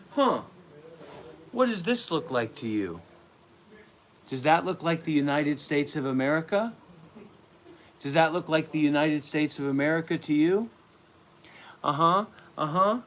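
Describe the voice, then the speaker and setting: Brief: fairly high-voiced man, profane mock-guru livestream rant, faint background hum.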